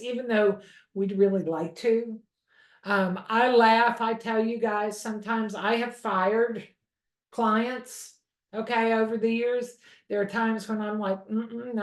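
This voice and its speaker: A woman instructor teaches a real estate course in a chatty, conversational way and often checks in with "okay?". Her voice sits a little high. The recording carries the echo of a roomy space at home. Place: home room. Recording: echoey room.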